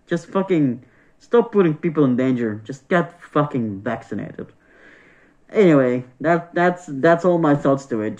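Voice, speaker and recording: A man's voice: a little high, a little mellow. A man vlogging a casual opinion rant, exasperated and profane, repeating himself as he talks. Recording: dull lo-fi sound.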